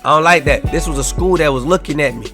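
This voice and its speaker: A young man giving casual, animated commentary over a football video game, trash-talking and half-singing his asides. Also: a little high, fast talker. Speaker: gaming YouTuber. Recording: faint music behind.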